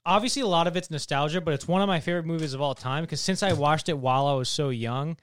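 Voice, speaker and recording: A man's voice: on the high side, fast, smooth. A young man co-hosting a casual podcast, recounting a favorite movie scene in an enthusiastic, rambling way with many fillers. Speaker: podcast co-host. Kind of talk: casual chat.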